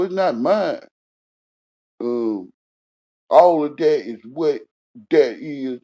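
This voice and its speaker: A man rants and scolds, repeating himself as he swings between loud outbursts and low mutters. His pitch jumps around a lot. The audio is dull and lo-fi. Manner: repetitive, confrontational, swings from shouting to muttering. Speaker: panel speaker. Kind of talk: heated casual rant. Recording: dull lo-fi sound.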